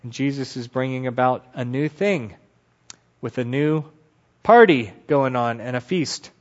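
A man giving a Bible teaching lecture as an animated storyteller who asks rhetorical questions, on a dull lo-fi recording. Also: medium pitch, measured pace.

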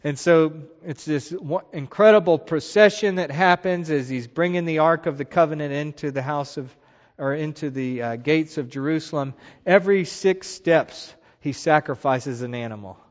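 Lively man teaching the Bible. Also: on the high side, moderate pace, big-room sound, dull audio. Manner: animated, retells scripture with voiced quotes.

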